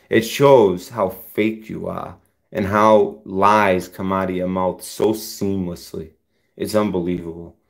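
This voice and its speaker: A man hosting his own channel, delivering a confrontational, profane rant straight at a rival. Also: fairly low pitch. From United States. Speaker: channel host. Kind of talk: heated rant to camera.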